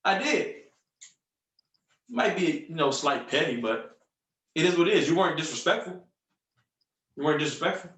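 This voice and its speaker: A man's voice: on the high side, expressive, moderate pace, pauses often, fairly bright tone, distant mic. A man coaching a group call in an upbeat, punchy way, repeating phrases for emphasis. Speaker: sales coach. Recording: roomy, from off the mic.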